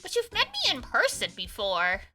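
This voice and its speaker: A dry, sarcastic young lawyer from a video game, read aloud by a woman in a high, bright voice. He fires off quick, disbelieving questions. Soft game music plays behind him. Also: huge pitch swings, heavily acted. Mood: incredulous. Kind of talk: reading game dialogue aloud.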